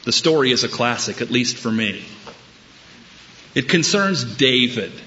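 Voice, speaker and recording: A man preaching a sermon, telling a story with wry humor and deliberate emphasis. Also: medium pitch, expressive, pushed and bright, lo-fi sound, a little hiss or hum. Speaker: pastor.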